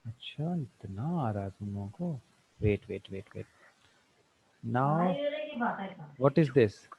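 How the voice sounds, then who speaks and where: A man teaching an online tutorial, firing quick questions at students and slipping into Hindi. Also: mid-range voice, animated, gravelly, slightly rough. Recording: dull lo-fi dry sound.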